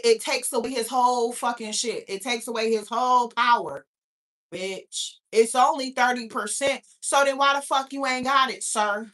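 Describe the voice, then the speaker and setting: A woman's voice: a little high, sharp tone. A young woman from New York hosting a livestream, ranting casually with heavy profanity and talking back to her chat. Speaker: livestream host.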